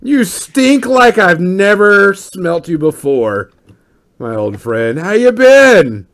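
A man's voice: a little high, sing-song, normal speed. A man voicing a brash, cackling female alien gambler who taunts and swaggers, in a tabletop game. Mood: teasing.

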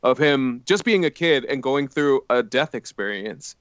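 A man on a podcast panel speaking in a measured, thoughtful way. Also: mid-range voice, expressive, a bit bright, smooth, dry recording, dull audio. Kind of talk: casual chat.

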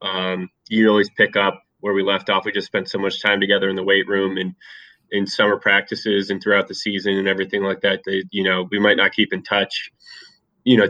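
Low bright man, casual movie chat. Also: lo-fi sound. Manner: relaxed and talkative, with many fillers.

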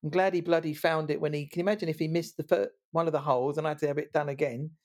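A man's voice: on the high side, steady tone, very fast. A man hosting a casual podcast chat, joking, laughing often and restarting his words. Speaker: podcast host.

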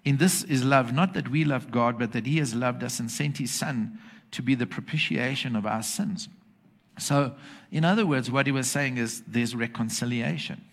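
A man gives an emphatic church sermon at normal speed and medium pitch, frequently checking that the congregation follows by asking them to agree.

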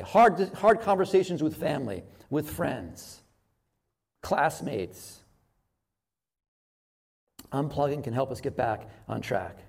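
A man delivers a sermon with a fairly high-pitched voice. He talks in a loose, conversational way, stopping to voice people's inner thoughts and circling back over his own words. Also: slow, gravelly, pauses often, slightly rough. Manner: conversational, animated, with many restarts and acted-out inner thoughts. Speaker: pastor.

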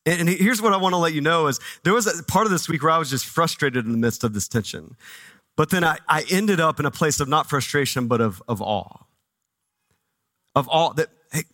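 A man preaching a sermon as pastor, conversational and animated, dropping low and soft for reverent moments. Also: dry recording. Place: church.

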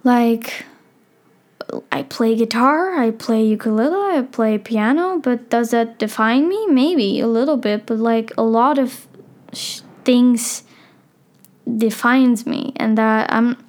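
A woman's voice: fairly high pitch, slow pace, darkish tone. A fifteen-year-old girl from the Netherlands with a Dutch accent, chatting casually and rambling on her own podcast, full of fillers and apologies. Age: teens. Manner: chatty, rambling, self-deprecating, many fillers. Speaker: podcast host. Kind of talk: casual solo podcast chat.

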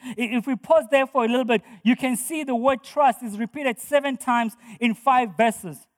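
A man's voice: extremely high pitch, moderate pace, big-room sound. A man preaching a sermon as pastor, emphatic and driving home points by repeating his phrases.

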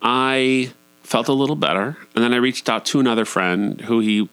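A man's voice: mid-range voice, normal speed, fairly bright tone, clean tone, no echo. A man in his forties telling a personal story in a candid, profane, self-deprecating way. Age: 40s. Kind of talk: personal monologue.

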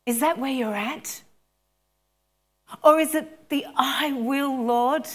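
Unhurried Australian woman preaching. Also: fairly high pitch, lively intonation, a bit bright. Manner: chatty storytelling, rising to fervent appeals. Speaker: pastor. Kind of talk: sermon.

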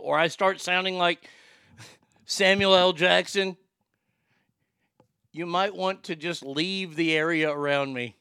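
A man's voice: high-pitched, measured pace, pauses often, sharp tone, clear, resonant tone, dry recording, studio quality. A man hosting a show and ranting in blunt, profane commentary, acting out quoted exchanges. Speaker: podcast host.

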